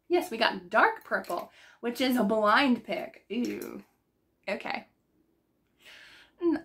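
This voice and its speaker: Bubbly woman vlogger filming on a phone. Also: a little high. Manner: bubbly and excitable, gasps and laughs. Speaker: book vlogger. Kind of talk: casual chat.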